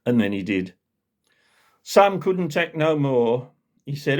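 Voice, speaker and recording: An older man with a Black Country accent telling a local yarn in a chatty way, dropping to low asides. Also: very animated, slow, pauses often. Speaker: storyteller. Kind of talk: casual spoken storytelling.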